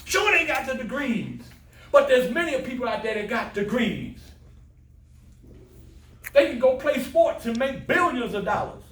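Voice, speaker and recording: A man's voice: very high voice, very animated, unhurried, pauses often, fairly bright tone, echoey room, slight background noise. Older male motivational speaker, storyteller with jokes, room sound from a distance. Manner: storytelling, plays voices in quotes, jokes with audience. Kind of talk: motivational talk with jokes and stories. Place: classroom of adult students.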